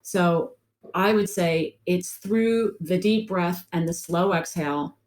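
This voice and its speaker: A woman's voice: fairly low pitch, takes it slowly, a little mellow. A woman life coach answering interview questions in an earnest storytelling way, repeating phrases for emphasis.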